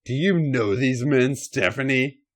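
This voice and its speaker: A man voicing a commanding, sinister dark lord in a comedic erotic story reading, giving slow, domineering orders. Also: medium pitch, pitched above the performer's own voice, close to an everyday voice.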